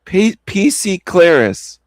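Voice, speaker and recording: A man's voice: high voice, sing-song, takes it slowly, a little hiss or hum. A man hosting a stream, giving mocking, incredulous commentary on a clip and laughing often. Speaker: stream host reacting to a video clip. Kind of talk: casual reaction commentary.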